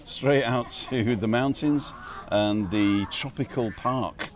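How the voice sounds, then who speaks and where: A man's voice: mid-range voice, takes it slowly. A middle-aged man hosting a casual live stream from a restaurant terrace on a wireless mic, chatting and reading out viewer comments with jokes. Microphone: wireless microphone.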